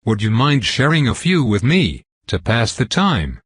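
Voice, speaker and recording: A man voicing a charming, scheming female vampire who speaks in a demure, sweetly flattering way. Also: medium pitch, measured pace, husky, dry recording, studio quality, full character voice.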